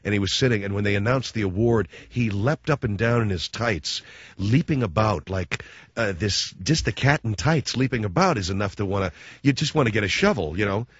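A man hosting a show, delivering a sarcastic comic rant that swings between loud mocking outbursts and low muttered asides. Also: animated, a little fast, breathy edge, no echo, muffled recording.

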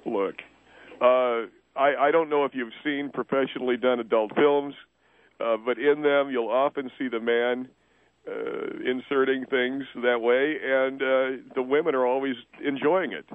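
A man's voice: mid-range voice, steady tone, unhurried, clear, resonant tone, dry recording, phone-quality sound, natural voice. A man voicing a defensive, blustering middle-aged male steakhouse owner who keeps repeating himself in a radio comedy bit. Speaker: guest.

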